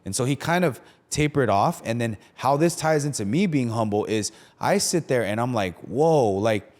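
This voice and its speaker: A man's voice: mid-range voice, animated, normal speed, a little mellow. A young man, a pastor, talking casually on a podcast, full of fillers and acted-out quotes. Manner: conversational, many fillers, acts out quotes.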